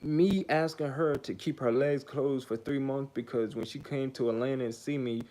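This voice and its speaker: A man's voice: mid-range voice, normal speed, dark tone. A man telling a casual story in a blunt, profane, rambling way, full of fillers. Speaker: vlogger.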